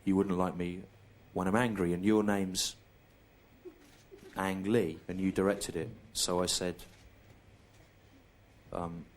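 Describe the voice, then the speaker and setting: English man, stand-up routine, very low voice, deadpan, laid-back, noisy live recording. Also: slow pace, long pauses. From England. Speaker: stand-up comedian.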